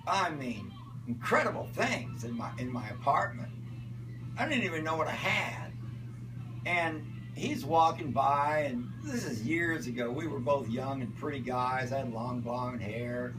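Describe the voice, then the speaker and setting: An older man telling a rambling personal anecdote, acting out voices and breaking into shouts. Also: mid-range voice, a little slow. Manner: animated, acts out voices and shouts in his stories. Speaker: storyteller. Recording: distant mic with loud music behind.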